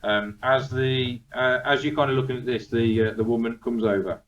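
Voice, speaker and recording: A man's voice: medium pitch, fairly even intonation, moderate pace, muffled recording. A man narrating as dungeon master, rambling with many fillers and restarts. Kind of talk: narrating a tabletop game. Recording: echoey room, distant mic.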